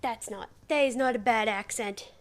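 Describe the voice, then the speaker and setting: A woman from Saskatchewan, Canada, with the accent to match, chats casually on a game stream. Her voice is fairly high and her pace normal. She giggles a lot and swears casually.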